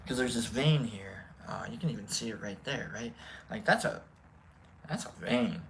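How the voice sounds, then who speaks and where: A man's voice: mid-range voice, lively intonation, normal speed, vocal fry, a bit bright, a little hiss or hum, rough recording. A man hosting a casual livestream, telling a rambling, self-deprecating story with jokes. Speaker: livestream host.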